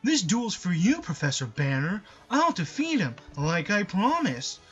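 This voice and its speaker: A man's voice: high-pitched, wildly swooping pitch, measured pace, muffled recording, faint music behind, pitched above the performer's own voice, exaggerated voice. A man voicing an eager young male hero duelist in an upbeat, raised voice.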